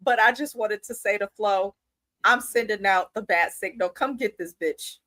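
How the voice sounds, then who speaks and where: A woman's voice: medium pitch, normal speed, bright, forceful tone, dry recording. A woman co-hosting a reality show recap in casual chat, blunt, profane and playfully dramatic.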